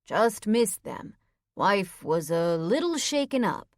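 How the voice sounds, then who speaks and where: Woman doing a stoic big male patrolman, slow clipped lines, steady, audiobook, dry close sound. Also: mid-range voice, no echo. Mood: steady, terse. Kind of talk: audiobook character voice.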